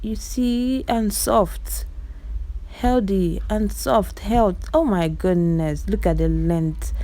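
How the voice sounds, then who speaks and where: A woman with a Nigerian Igbo accent and a warm, mid-range voice does chatty voice-over commentary on clips as a vlogger. She exclaims often, speaks straight to her viewers, and repeats words for emphasis.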